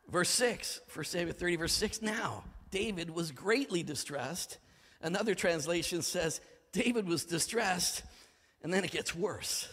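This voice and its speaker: A man preaching a sermon as pastor, dramatic, swinging from shouting to hushed tones. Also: high voice, slightly rough. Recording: reverberant hall.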